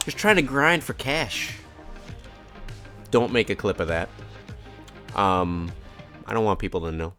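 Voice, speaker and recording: Low-voiced chatty male game streamer. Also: a bit bright. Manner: chatty, talks to his cat and himself. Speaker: gaming streamer. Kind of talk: casual live-stream commentary.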